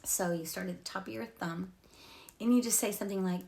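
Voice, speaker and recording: A woman's voice: mid-range voice, moderate pace, pauses often. Woman guiding tapping, often sinking to whispers. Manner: casual, candid, swears freely, drops into soft whispered affirmations. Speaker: EFT tapping instructor. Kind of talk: guided tapping instruction.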